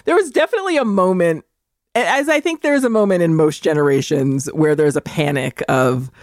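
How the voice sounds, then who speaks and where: A woman in her forties with a fairly low voice co-hosts a movie podcast. Her sound is dry and close. She makes deadpan, sarcastic asides and keeps the talk casual. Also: a little fast, no room sound. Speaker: podcast co-host.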